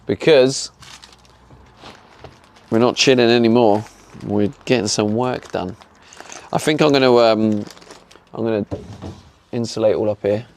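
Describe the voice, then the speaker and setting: A man's voice: on the low side, a little slow, pauses often, a little mellow. A British man streaming live, chatting casually with viewers and laughing often as he works. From Britain. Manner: chatty, laughs often, answers chat while working.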